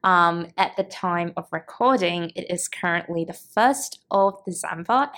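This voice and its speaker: A woman's voice: on the low side, measured pace, a bit bright. A woman from Singapore hosting her own podcast, talking in a chatty, upbeat way with lots of fillers. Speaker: podcast host and business coach. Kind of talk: casual solo podcast talk.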